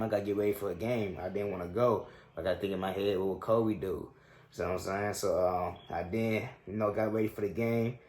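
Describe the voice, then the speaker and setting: A man's voice: fairly low pitch, a little mellow, reverberant. A young man in his twenties hosting a sports show, telling a personal story in a casual, slangy, reflective way with frequent fillers.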